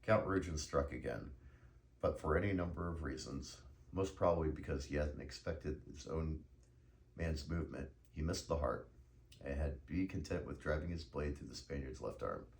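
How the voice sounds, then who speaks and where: A man narrates a novel in a measured, unhurried storytelling manner. His voice is extremely low and gravelly. A faint noise sits under the recording. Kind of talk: reading a novel aloud.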